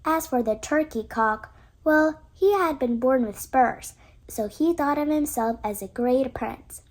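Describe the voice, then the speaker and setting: A woman reading a children's story aloud, gentle and even-paced as she narrates. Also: high-pitched, measured pace.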